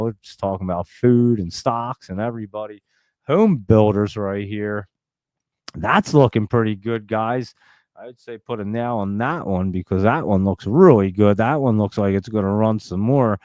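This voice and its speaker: A man hosting a live stock-market stream, talking very fast in a chatty, rambling way and laughing often. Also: fairly low pitch, a little mellow, no echo. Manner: talks extremely fast and nonstop. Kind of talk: casual live-stream chat.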